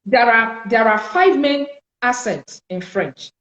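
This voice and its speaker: A woman with a fairly high voice leads a French lesson, slow and deliberate, repeating each sound so learners can follow. Her voice rings in an echoey room. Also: lively intonation, a bit bright, dull audio. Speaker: French teacher. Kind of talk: spoken language lesson.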